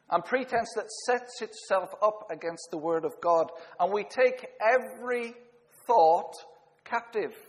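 A man preaching a sermon, earnest, with small slips and self-corrections. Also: high-pitched. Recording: long reverb of a hall.

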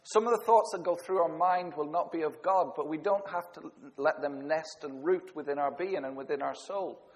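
A male preacher delivers an earnest sermon in a fairly high voice, now and then stumbling and correcting himself. His words ring out with a long reverb, as in a large hall. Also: moderate pace. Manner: earnest, with small slips and self-corrections.

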